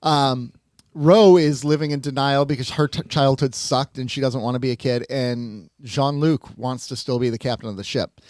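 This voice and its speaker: A man's voice: mid-range voice, fairly even intonation, darkish tone, no echo, studio quality. A man co-hosting a casual podcast chat, joking, laughing often and reeling off lists. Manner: laughs often, jokey, lists things off quickly. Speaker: podcast co-host.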